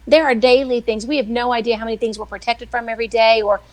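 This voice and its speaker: A middle-aged woman, a weekly guest who writes devotionals, telling faith stories in a chatty, animated way. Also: on the high side, quick pace. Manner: chatty, animated, acts out quoted voices. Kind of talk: casual faith storytelling on a live show.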